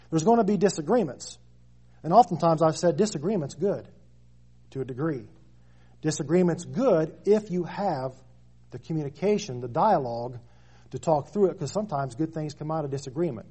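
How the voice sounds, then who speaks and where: Man, 30s, preacher, husky, mellow, emphatic repetition, sermon. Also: a little high, expressive, normal speed. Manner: preaching with rising emphatic stresses and repeated phrases.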